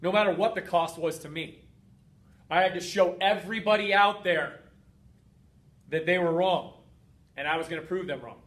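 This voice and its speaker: High-voiced earnest man coaching. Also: moderate pace, pauses often, a bit bright. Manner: earnest, emphatic, piles up repeated phrases. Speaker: host and fitness coach. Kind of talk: heartfelt motivational talk.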